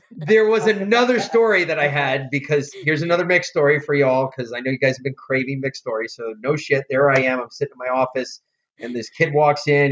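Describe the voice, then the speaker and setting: A man's voice: medium pitch, highs cut off. A man hosting a casual podcast who tells rambling, profane stories. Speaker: podcast host. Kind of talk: casual chat.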